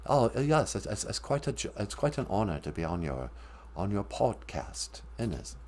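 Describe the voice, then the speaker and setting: A man voicing the ghost of a famous male rock singer in a low, quiet, refined, polite drawl. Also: very animated, moderate pace, a little hiss or hum. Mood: genteel.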